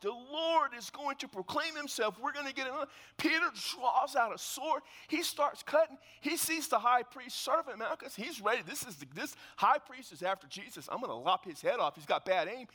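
A man preaching a sermon as pastor, telling a biblical story with animated, acted-out scenes and dropping to hushed tones for solemn points. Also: very high-pitched, big-room sound.

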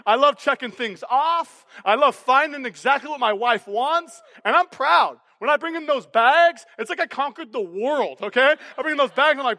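High, bright-voiced pastor preaching. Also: male voice, long reverb tail. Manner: energetic, keeps tagging lines with "okay?" and "all right?". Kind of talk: sermon. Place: church auditorium.

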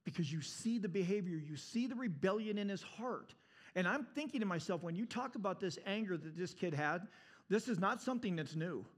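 A male preacher delivers a sermon with an animated, storytelling drive. His voice sits high, and he swings from loud emphasis to hushed passages. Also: brisk.

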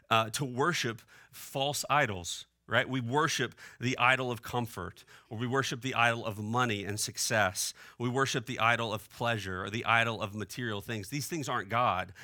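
Young male pastor, conversational sermon delivery, very bright tone, dry close sound. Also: medium pitch, no room sound. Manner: conversational preaching, asks the room "right?". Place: church hall.

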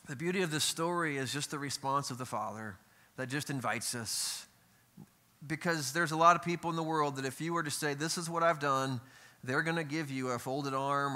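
A man's voice: medium pitch, sharp tone. A middle-aged man, a pastor, preaching a conversational sermon in a church, with asides and rhetorical questions. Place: church sanctuary.

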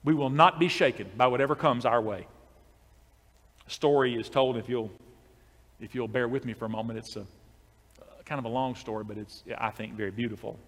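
A man's voice: medium pitch, fairly quick, long pauses, a bit bright. Male pastor, storytelling sermon, conversational, long reverb trailing his words. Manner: conversational, with frequent restarts.

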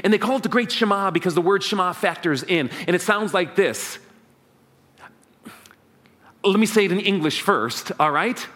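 A man's voice: sits high, expressive, normal speed, pauses often, a bit bright. A man preaching a sermon as pastor, leading the congregation in call and response. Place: church sanctuary.

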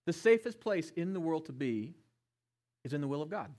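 A middle-aged man preaching a sermon, passionate, swinging between loud emphasis and hushed tones. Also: on the high side, lively intonation, normal speed. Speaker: pastor.

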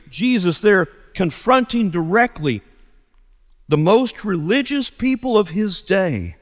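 A man, a pastor preaching a sermon and telling stories with lively acted dialogue. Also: sits high, long reverb tail. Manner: animated storytelling, acts out dialogue.

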